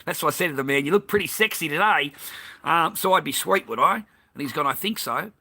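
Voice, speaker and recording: A man's voice: on the high side, animated, a little fast, bright, forceful tone. A man with an Australian accent delivering an angry, profane, repetitive ranting monologue as a vlogger.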